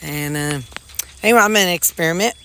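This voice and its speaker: A woman's voice: lowish voice, fast, pushed and bright. A woman chatting casually in a folksy, rambling way, with a stuffy, runny nose. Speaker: weight-loss vlogger. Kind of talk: casual chat. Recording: echoey room, faint noise.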